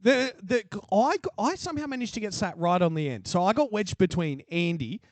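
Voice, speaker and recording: High pitched aussie bloke yarning and cracking up, dry close mic. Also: male voice, animated, brisk, dry recording. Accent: Australian. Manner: joking storytelling, swearing and laughing. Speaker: podcast host. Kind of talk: casual chat. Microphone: studio mic.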